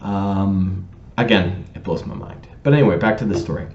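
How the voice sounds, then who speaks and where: A man's voice: low voice, normal speed, darkish tone. A man from Canada tells a personal story to camera in a pedantic, digressive way, with lots of ums and restarts. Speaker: vlogger telling a personal story. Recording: roomy, slightly dull recording.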